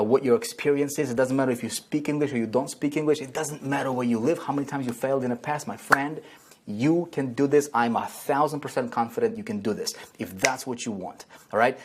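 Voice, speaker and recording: A man's voice: mid-range voice, slightly rough. A man leading an online marketing training video, upbeat and motivational, checking in with "okay?" and "right?" after nearly every point. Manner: energetic, repeats "okay?" and "right?" often.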